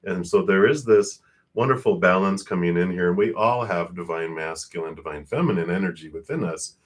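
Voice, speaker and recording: Fast-talking man with a low voice. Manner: fast, breathless spiritual talk with laughs. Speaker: tarot card reader. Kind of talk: live-streamed tarot reading.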